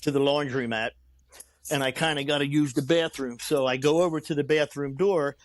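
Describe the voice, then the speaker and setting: On an interview show, a male guest with a somewhat high voice talks at a normal speed, with no echo. He's an animated storyteller spinning a long tale in conversation, acting out each quoted line and frequently starting sentences over.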